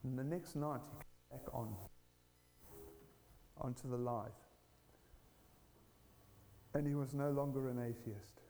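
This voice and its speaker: A man preaching a sermon, telling a personal testimony in an earnest, animated way. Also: mid-range voice, slow, long pauses, in a large hall, a little hiss or hum.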